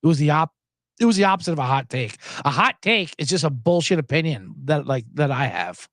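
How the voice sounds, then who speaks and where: A man's voice: on the high side, fairly quick, no echo. A man hosting a sports show in casual, joking, rambling talk. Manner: animated, jokey, rambling.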